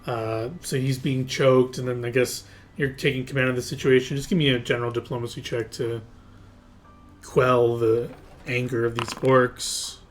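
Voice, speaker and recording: Here a man serves as game master at the table, narrating in a relaxed, rambling style heavy on fillers and hedges. Faint music sits behind his flat, mid-range voice, which moves at a normal speed.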